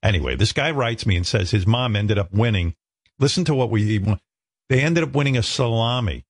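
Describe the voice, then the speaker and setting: A man's voice: mid-range voice, brisk, breathy edge, dry recording, clean studio sound. A man hosting a radio show, telling stories in a casual, joking way with some swearing. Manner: joking, profane, animated storytelling. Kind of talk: casual chat.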